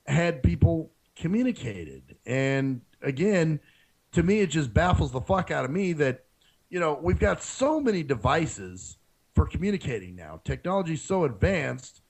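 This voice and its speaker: A man's voice: on the high side, low-quality recording. A man hosting his own radio show, ranting frankly in a casual solo monologue and swearing freely.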